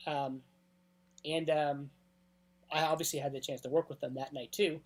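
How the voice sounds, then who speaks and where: A man as a DJ guest in a casual interview, telling anecdotes at length and often clearing his throat. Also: fairly high pitch, little pitch movement, normal speed.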